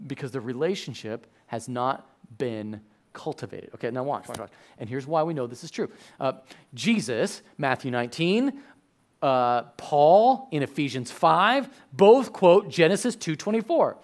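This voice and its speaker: A man's voice: high voice, lively intonation, normal speed. Conversational male pastor preaching. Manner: conversational preaching, checks in with "okay?"; hushed, soft-spoken in prayer. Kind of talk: sermon.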